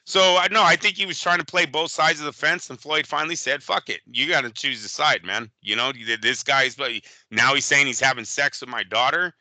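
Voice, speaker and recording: A man co-hosting a boxing podcast in casual chat, animated and profane, often slipping into quick impressions. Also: mid-range voice, no echo, poor audio. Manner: animated, profane, impersonates fighters. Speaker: boxing show co-host.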